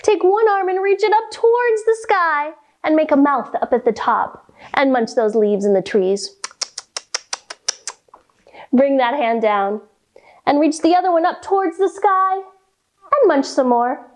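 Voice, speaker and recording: Slow sing-song woman teaching kids' yoga. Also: high-pitched, lively intonation. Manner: slow, sing-song guidance with playful animal sounds. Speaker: children's yoga instructor. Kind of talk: kids' yoga and story warm-up lesson.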